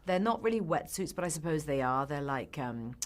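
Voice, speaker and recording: An actress chatting in a press interview, an animated storyteller who laughs often. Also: female voice, low voice, a little fast. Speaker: actress guest. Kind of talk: casual press interview chat.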